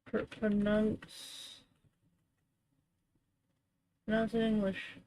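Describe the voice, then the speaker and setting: A woman's voice: mid-range voice, completely flat delivery, drawn-out words, warm tone, low-quality recording. A young woman hosting a crafting livestream, chatting casually and rambling with lots of "like" and "you know". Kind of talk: casual chat while crafting.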